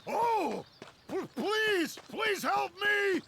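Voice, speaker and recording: A man voicing a hearty older sailor in a video game who pleads loudly and jovially for help. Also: very high-pitched, sing-song, very slow, gravelly, a little hiss or hum, heavily acted. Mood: desperate. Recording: distant game audio over music.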